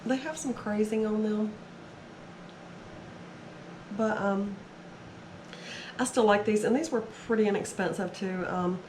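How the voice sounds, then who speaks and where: A recovering-from-illness reseller vlogger, voice a little strained, casually rambles through her haul in a chatty video. She's unhurried and leaves long pauses, her mid-range voice darkish in tone. Expect an echoey room with faint ambience and slight background noise.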